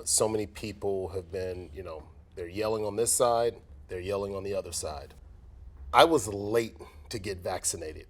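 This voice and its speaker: A man from South Central Los Angeles in a candid conversation, telling a personal story in an earnest, reflective way and often restarting his sentences. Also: lowish voice. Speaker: former pro athlete in conversation.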